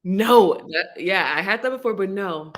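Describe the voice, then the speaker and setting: A woman's voice: mid-range voice, normal speed. A woman hosting a casual livestream chat, giggly and scattered, rambling from thought to thought. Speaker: livestream host.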